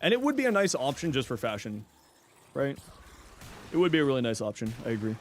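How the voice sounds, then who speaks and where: A man's voice: mid-range voice, very animated, quick pace, a little hiss or hum. A man from Toronto, streaming and chatting casually with viewers in a laid-back, rambling way. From Toronto, Canada. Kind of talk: casual livestream chat answering viewers.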